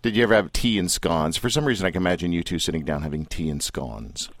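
A man's voice: low-pitched, fast, no room sound, clean studio sound. A man hosting an interview, asking questions in a loose, conversational way. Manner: conversational, with filler and restarts. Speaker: host. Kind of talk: casual interview.

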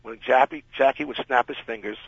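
A man telling an anecdote as a radio interview guest, animated and acting out the people in his story. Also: mid-range voice, fairly quick, breathy edge, no room sound. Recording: dull lo-fi radio recording.

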